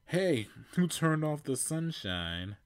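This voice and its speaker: A man's voice: on the high side, very animated, slow, pitched above the performer's own voice. A man voicing a timid, nervous male plumber who is the younger brother, in a jittery manner.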